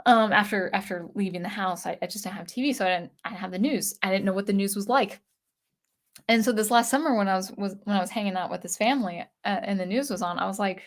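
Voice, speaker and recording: A woman's voice: mid-range voice, fast talker. A woman in her thirties chats casually on a livestream, reading viewers' comments aloud. Her voice sounds weak and thick with phlegm from allergies. She rambles and hesitates, often starting her sentences over. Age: 30s. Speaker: channel host reading live chat.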